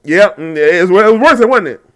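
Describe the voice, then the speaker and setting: A man's voice: high-pitched, expressive, moderate pace, a bit bright. A man giving casual reaction commentary on a video, mocking and laughing often, with frequent swearing.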